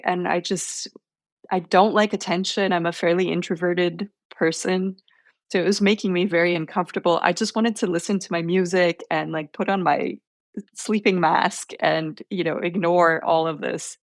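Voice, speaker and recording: A woman's voice: fairly low pitch, moderate pace, no room sound, studio quality. A woman as an interview guest, recounting a personal story in an earnest, self-conscious way.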